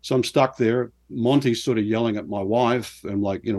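A middle-aged man from New Zealand, a former pro golfer, telling lively, self-deprecating stories as an interview guest. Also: medium pitch, normal speed. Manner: animated anecdotes with self-deprecating laughs. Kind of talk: casual storytelling interview.

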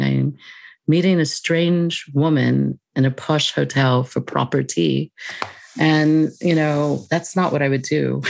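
A woman guest on a podcast, telling a personal story in a reflective, unhurried way, laughing lightly between thoughts. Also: low-pitched, creaky, darkish tone, no echo. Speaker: podcast guest, mindfulness teacher.

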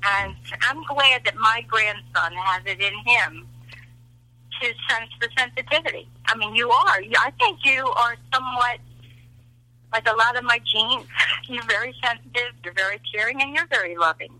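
A woman's voice: on the high side, moderate pace, pushed and bright, no room sound. A woman in her seventies on a phone call, gushing and teary as she thanks her grandson. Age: 70s. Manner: gushing, tearful, effusive. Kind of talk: emotional phone chat. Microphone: phone line.

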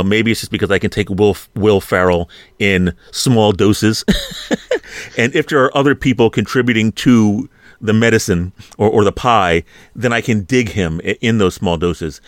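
Low-voiced rambling male podcast host. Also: no room sound, studio quality. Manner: rambling, hesitant, chuckling. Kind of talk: casual film review chat.

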